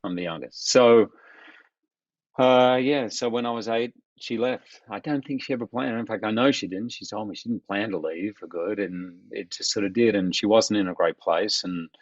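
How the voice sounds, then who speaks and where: A man, animated as he tells personal stories in a podcast interview. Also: fairly low pitch, moderate pace, dry recording, muffled recording. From Australia. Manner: animated, acts out quoted voices of others. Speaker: guest. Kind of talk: reflective storytelling in conversation.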